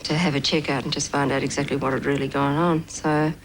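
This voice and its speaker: A woman's voice: rumbling low, level tone, a little fast, slight background noise, rough recording. A woman in a documentary interview, recounting events in a plain, matter-of-fact way. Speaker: interviewee, supporter of a victim.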